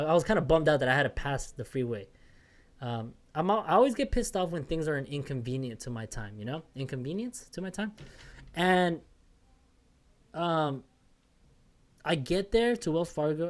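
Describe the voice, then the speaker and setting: A man's voice: fairly high pitch, dry recording. Rambling, profane podcast man, dry sound. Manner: rambling, profane, self-mocking. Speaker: podcast host. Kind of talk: casual solo podcast rant.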